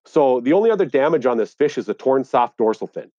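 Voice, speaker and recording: A man's voice: medium pitch, lively intonation, fast, warm tone, no room sound. Guy in an interview, fired up telling his side, dry close sound, bit muffled. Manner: earnest, indignant when recounting. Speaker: interviewee, angler. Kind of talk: conversational storytelling.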